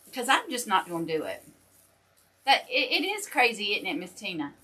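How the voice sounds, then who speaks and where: A woman's voice: mid-range voice, big pitch swings, moderate pace, bright, forceful tone, husky. An older woman chatting folksily with viewers while making wreaths on a livestream. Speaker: wreath maker and shop host. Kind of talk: casual livestream chat while crafting.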